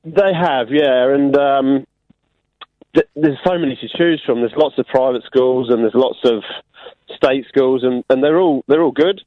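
A man's voice: mid-range voice, unhurried, no echo. An English man calling in to a radio show, his accent drifting toward Australian, speaking hesitantly and repeating words. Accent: English with an Australian lilt. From England. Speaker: caller. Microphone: phone. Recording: tinny phone line.

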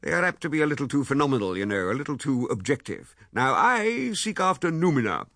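A man voicing a pompous, waggish middle-aged gentleman who lectures genially and with self-satisfaction in a storybook reading. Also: mid-range voice, very animated, fairly quick, no echo, studio quality, pitched above the performer's own voice. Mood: lecturing.

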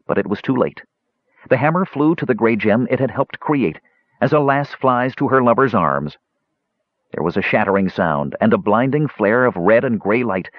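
A man narrating a fantasy audiobook with expressive, dramatic storytelling. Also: lowish voice, no echo. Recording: dull lo-fi dry recording.

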